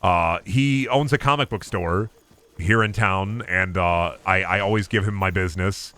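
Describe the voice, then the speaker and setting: A man streaming a game, chatting in an animated, rambling, profane way. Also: low voice, moderate pace. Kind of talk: casual livestream gameplay chat.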